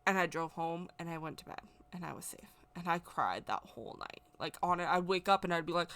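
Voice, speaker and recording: A woman tells a personal story in a loose, emotional, rambling way. Her voice sits a little low, and she circles back over the same words as she talks. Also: a little fast, hardly any pauses, fairly bright tone. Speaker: spiritual vlogger.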